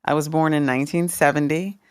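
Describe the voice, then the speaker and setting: Speaking quickly in a deep, smooth voice with fairly even intonation, a woman in her fifties reflects candidly during a casual interview. She's a guest, originally from Washington, D.C., and formerly worked as a music executive. The studio sound is clean, with no room sound.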